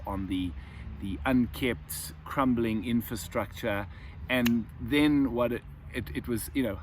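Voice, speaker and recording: A man's voice: medium pitch, fairly bright tone, slight background noise. A man hosting a self-help video, musing in an unscripted monologue that often restarts and repeats words. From South Africa. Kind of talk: reflective monologue to camera.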